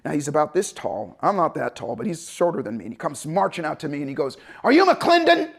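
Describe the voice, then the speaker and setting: A man telling a story as a motivational speaker, animated and conversational. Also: a little high, quick pace, gravelly. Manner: animated, conversational, acts out voices. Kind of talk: storytelling talk to an audience.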